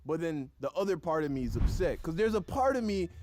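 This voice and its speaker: A young man telling a personal story on his video channel, slangy and expressive, dropping quiet then getting loud. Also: a little high, fairly quick, a little hiss or hum. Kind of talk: animated storytime vlog.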